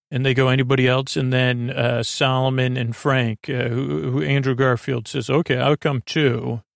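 A man's voice: medium pitch, creaky, dry recording, studio quality. A man hosting a sleep podcast, loosely retelling an episode with lots of filler and restarts. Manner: meandering, many filler ums and restarts. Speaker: podcast host. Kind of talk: rambling episode recap for sleep.

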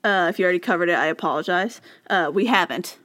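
A woman's voice: on the low side, quick pace, fairly bright tone, no room sound. A woman co-hosting a podcast in casual chat, chatty and given to tangents and laughter. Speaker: podcast co-host.

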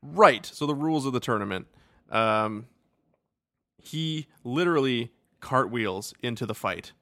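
A man's voice: medium pitch, animated, measured pace, fairly bright tone, dry recording, studio quality. A man co-hosting a podcast, rambling casually about a movie, laughing often and acting out silly quotes. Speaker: podcast co-host. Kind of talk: casual movie review chat.

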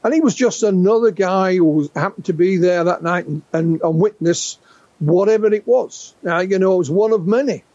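High-voiced man telling stories. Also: normal speed, no room sound. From England. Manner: animated, frequent restarts and repeated words. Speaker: guest UFO researcher. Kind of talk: conversational storytelling interview. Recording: dull lo-fi dry sound.

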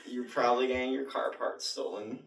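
A man's voice: medium pitch, little pitch movement, a little fast, gravelly. A man playing in a tabletop game, whiny, dramatic and sweary. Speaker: player. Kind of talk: casual tabletop game play.

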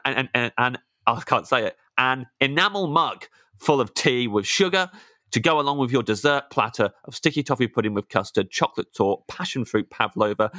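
A man's voice: medium pitch, sharp tone, no room sound, studio quality. A man co-hosting a chatty podcast, playfully reading back a guest's order with comic timing. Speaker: podcast co-host. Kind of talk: casual chat.

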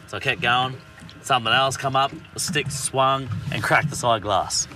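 A man's voice: medium pitch, normal speed, recorded from a distance, music in the background. A man, a podcast guest, telling a story in casual, swearing, laughing chat. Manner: swearing, laughing, animated retelling.

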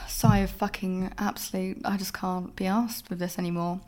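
A young woman hosting a solo podcast, telling stories in a candid, expressive way and swearing freely. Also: medium pitch, a little slow. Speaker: podcast host.

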